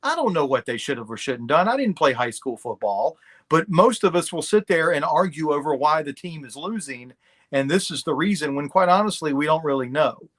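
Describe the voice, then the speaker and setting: Brief: middle-aged male interview guest, candid and down-to-earth, slightly higher voice. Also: lively intonation, fairly quick, a bit bright. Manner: candid, blunt, folksy. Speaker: podcast guest. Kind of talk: casual interview conversation.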